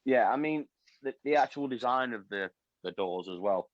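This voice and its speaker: A man's voice: medium pitch, animated, moderate pace, no echo, highs cut off. A man co-hosting a casual film review chat, speaking casually and a bit hesitantly. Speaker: podcast co-host.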